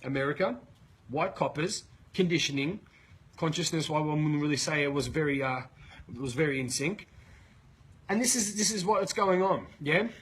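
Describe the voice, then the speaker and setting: Australian male coach, raspy and high, energetic webinar storyteller. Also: normal speed, rough recording. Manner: energetic, swearing, animated retelling. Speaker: leadership coach.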